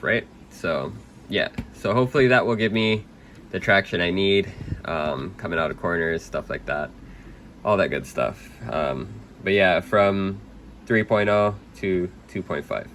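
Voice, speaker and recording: A young man under the weather, casually walking through a hands-on setup at a workbench with lots of ums and throat clearing. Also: sits low, slight background noise. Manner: relaxed, rambling with many ums, clears throat. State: under the weather, slightly hoarse. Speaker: RC hobby video host.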